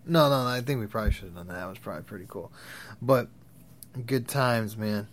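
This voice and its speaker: A man's voice: fairly low pitch, a little fast, slight background noise. A young man telling crude, rambling stories in a casual, profane way, laughing at his own tales. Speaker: vlogger. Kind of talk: profane storytelling rant.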